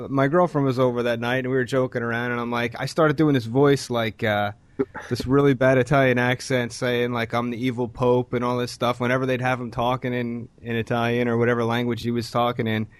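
A man's voice: medium pitch, level tone, a little fast, clear, resonant tone, no echo. A man hosting a podcast, chatting casually in a rambling way with many restarts and laughs. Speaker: podcast host.

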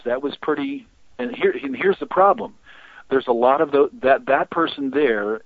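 A man telling long stories in an interview, rambling and halting with many restarts. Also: mid-range voice, creaky, no room sound. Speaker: guest on deliverance ministry. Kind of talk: storytelling interview talk. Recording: tinny phone-line audio.

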